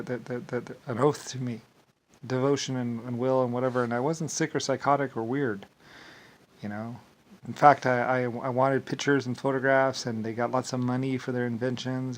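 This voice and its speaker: A man vlogging in a rambling casual monologue, full of filler words and repeated words, with dismissive shrugging asides. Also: medium pitch.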